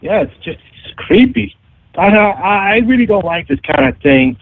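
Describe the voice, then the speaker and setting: A man's voice: high-pitched, expressive, normal speed, no room sound. A man calling in to a radio show to tell a story, hesitant and full of fillers. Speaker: caller. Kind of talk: telling a story on a call-in show. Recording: dry tinny phone line.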